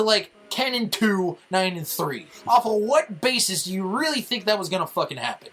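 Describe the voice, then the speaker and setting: A man's voice: high voice, sing-song, normal speed, few pauses, bright, forceful tone, rough recording. A young man on a casual podcast, ranting about football in a heated, profane way. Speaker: podcast co-host.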